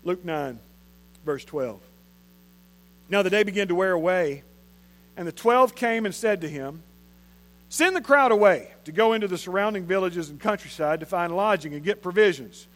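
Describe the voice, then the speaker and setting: High-voiced man preaching. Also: fairly bright tone. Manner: conversational, repeats phrases for emphasis. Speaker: pastor. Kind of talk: sermon.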